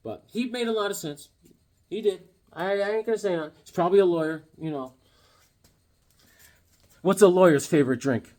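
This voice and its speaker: A man showing off his comic books in a casual vlog, animated and joking, with corny puns and sudden yelps. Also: sits high, a little fast, pauses often. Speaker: comic book vlogger. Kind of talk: casual show-and-tell chat.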